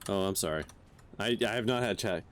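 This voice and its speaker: A man's voice: lowish voice, fairly quick, smooth. A man hosting a casual game stream, joking and swearing as he thinks aloud. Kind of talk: casual gameplay chat.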